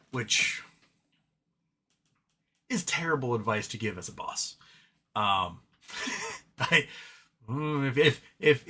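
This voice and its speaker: Bright-voiced chatty male stream host. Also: mid-range voice. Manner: rambling, chatty, talks to his cat. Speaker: livestream host reading chat. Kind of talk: casual live chat.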